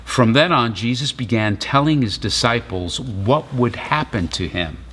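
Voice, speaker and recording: A man's voice: mid-range voice, expressive, unhurried, fairly bright tone, slight background noise. A middle-aged man preaching a sermon in a conversational storytelling way, acting out the voices of the people in his story. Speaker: pastor.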